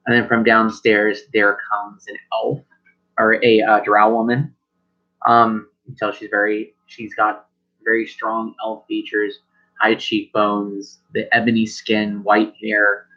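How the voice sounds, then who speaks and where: A man's voice: on the low side, monotone, unhurried, faint music behind. A man narrating as game master in a casual, rambling way. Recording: dull lo-fi recording.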